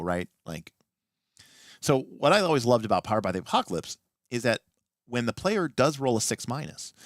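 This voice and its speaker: Man, lowish voice, lively swings in pitch, dry close sound, livestream host talking game rules. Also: no room sound. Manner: animated explaining, frequent restarts. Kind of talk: late-night livestream chat about tabletop rules.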